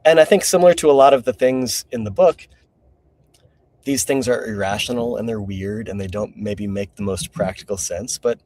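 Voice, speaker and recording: A man with a lowish voice, speaking as the guest author in a casual interview. He talks reflectively and hesitantly, with many fillers, and sounds a little away from the mic. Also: moderate pace, a little mellow, distant mic, slight background noise.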